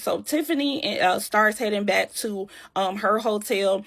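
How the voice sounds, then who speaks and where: A woman's voice: medium pitch, a little slow, creaky, fairly bright tone. A woman telling a drama story in a chatty, loose way, with many fillers. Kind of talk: casual storytime narration.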